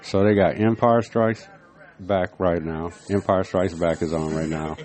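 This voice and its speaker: A man's voice: low-pitched, steady tone, moderate pace, a crowd in the background. A man hosting a casual home vlog, chatting in a laid-back, rambling way with lots of fillers. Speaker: vlog host. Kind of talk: casual chat. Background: music playing.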